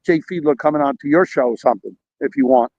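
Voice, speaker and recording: A man's voice: a little high, fast, darkish tone, breathy edge, no echo, dull audio. A man calling in by phone from a park, rambling animatedly through a story with quoted dialogue. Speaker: caller. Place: outdoors at a park.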